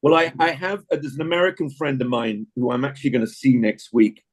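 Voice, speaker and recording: A man's voice: mid-range voice, fairly even intonation, fast, poor audio. An older man with an English accent, teaching an acting class in a chatty, encouraging way and praising his students often.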